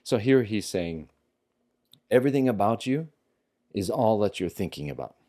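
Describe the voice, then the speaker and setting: Casting: male language tutor, lowish voice, chatty and animated, breaks down manga lines. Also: normal speed. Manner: chatty, with fillers and restarts. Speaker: Japanese teacher. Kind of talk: explaining manga dialogue in a language lesson.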